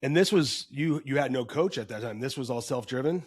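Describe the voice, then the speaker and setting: A man's voice: medium pitch, lively intonation, brisk, slightly rough. A man hosting a podcast, asking casual questions and dropping short encouraging replies. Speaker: podcast host. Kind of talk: casual interview.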